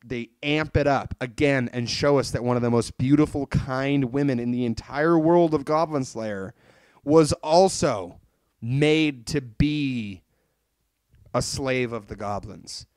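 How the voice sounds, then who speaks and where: A man hosting a casual podcast, retelling an anime plot in an animated, rambling way and swearing freely. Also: mid-range voice, a little slow, clean tone, dry recording. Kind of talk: casual chat reviewing an anime.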